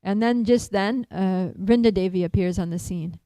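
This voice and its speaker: A woman tells a devotional story in an animated, laughing way, full of little fillers. Her voice is mellow and soft-edged. The recording is close and dry. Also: medium pitch, moderate pace, no room sound, poor audio. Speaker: speaker at a temple feast.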